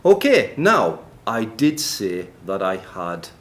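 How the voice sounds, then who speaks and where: A man's voice: lowish voice, very animated, takes it slowly. A man giving a live technical presentation in a noisy, echoey conference room, chatty and self-deprecating, often laughing. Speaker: conference speaker.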